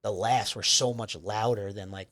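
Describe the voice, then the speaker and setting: A man's voice: on the low side, steady tone, normal speed, fairly bright tone. A man, a comedian guest, telling a rambling, profane story in casual chat. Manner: profane, rambling, lots of fillers.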